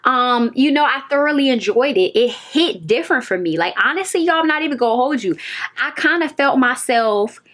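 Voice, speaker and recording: A woman's voice: high voice, expressive, brisk, fairly bright tone. A woman in her twenties reviewing a TV episode in a casual, emphatic way, repeating phrases and talking straight to her viewers. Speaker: TV review vlogger.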